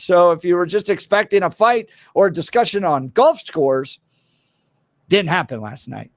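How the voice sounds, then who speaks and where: A man hosting a morning talk radio show, opinionated and animated, with sarcastic asides. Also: high-pitched, no room sound. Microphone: studio microphone.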